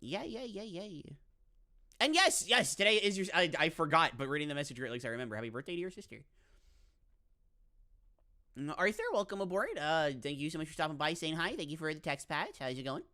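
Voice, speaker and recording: A bubbly woman streamer chats casually with her viewers, her pitch swinging widely. She talks in a low, relaxed register, lively and chatty. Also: fairly quick. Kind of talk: casual live-stream chat.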